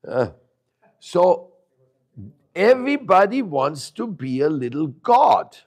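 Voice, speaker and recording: A man's voice: high voice, very animated, slow, darkish tone. A man teaching a spiritual lesson to a live group in a room. He questions his listeners, jokes, and stresses key words. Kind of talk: devotional lecture to a live group. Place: room with a small audience.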